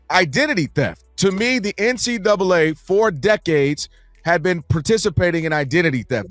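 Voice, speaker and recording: A man co-hosting a sports radio debate, explaining his view in a measured way and acting out quotes in a higher voice. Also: a bit bright, no echo, studio quality. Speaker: radio co-host.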